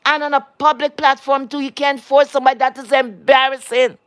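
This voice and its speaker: A woman's voice: sits high, flat delivery, fairly quick, fairly bright tone. Blunt, scolding woman on a livestream. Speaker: chat moderator. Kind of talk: livestream rant.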